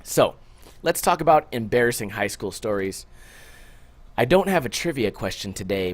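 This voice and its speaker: A man hosting a podcast alone, rambling casually and joking with a lot of swearing, short on sleep. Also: lowish voice. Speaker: podcast host. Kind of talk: casual solo podcast chat.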